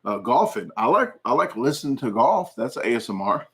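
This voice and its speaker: Rambling jokey man, lively pitch. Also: a little fast. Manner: rambling, jokey, laughs often. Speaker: channel host answering viewer comments. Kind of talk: casual livestream chat.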